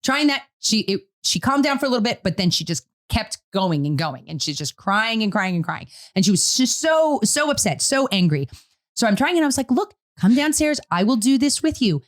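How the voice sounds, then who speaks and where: A middle-aged woman co-hosting a casual parenting talk, telling a family story in an animated way and acting out what she said. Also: medium pitch, brisk. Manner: animated storytelling, quotes her own words. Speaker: podcast co-host.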